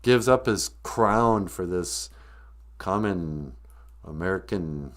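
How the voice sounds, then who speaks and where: A man's voice: sits low, expressive, slow, a bit bright. A man hosting a live-stream podcast, rambling through a sarcastic, mock-grumpy comedic rant. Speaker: podcast host.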